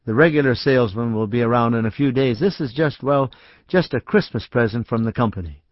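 A man's voice: mid-range voice, fairly quick, no room sound, close to an everyday voice. An anxious young man speaking with careful, hesitant politeness, voiced by a male storyteller. The voice sits just above the narrator's own. Dry, slightly muffled close recording. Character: anxious young man, hiding his identity.

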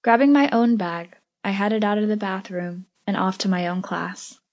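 A woman narrates a first-person audiobook with a steady, even delivery. Her pitch sits in the middle range. The reading is scripted and measured.

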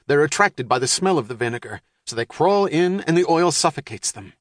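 An excitable middle-aged father who talks in a brisk, sarcastic way, put on by an audiobook narrator. He pushes his lines with impatience. The sound is dry, with no room. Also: a little high, no room sound, voice pushed up, close to an everyday voice. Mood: brusque.

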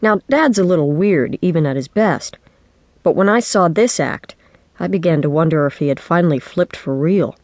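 A woman narrating a children's book in the first person, with lively, wry storytelling. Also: fairly low pitch, moderate pace, no echo. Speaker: audiobook narrator. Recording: dry studio audiobook.

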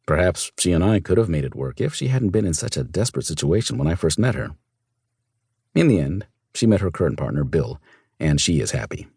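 A man narrating a first-person audiobook in a smooth, measured storytelling manner. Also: sits low, very animated, darkish tone, dry recording, studio quality.

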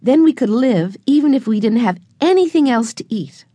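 A woman's voice: a little high, expressive, moderate pace, dark tone, breathy edge, dry recording, pitched above the performer's own voice. A woman voicing a sensible, practical young girl who speaks eagerly.

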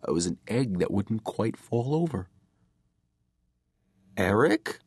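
A man reading a first-person horror story as an audiobook narrator, measured and dramatic. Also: on the low side, animated, dark tone, husky, no echo, clean studio sound.

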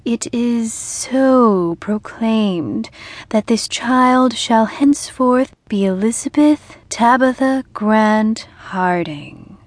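Female narrator as grave ritual master, man, slow and formal proclamation. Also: very high-pitched, dry recording. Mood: ceremonial. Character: solemn male ritual leader.

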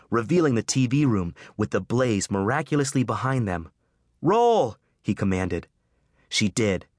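A man reading a children's adventure audiobook with expressive, scripted storytelling. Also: fairly low pitch, dry recording, studio quality. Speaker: audiobook narrator. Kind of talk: scripted narration.

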